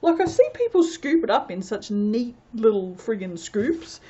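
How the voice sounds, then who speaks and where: A woman's voice: a little high, big pitch swings, moderate pace, breathy edge, lo-fi sound. Chatty Australian woman rambling while working. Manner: chatty, rambling, laughs often, sudden loud exclamations. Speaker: soap-making channel host. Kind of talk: casual chat while working.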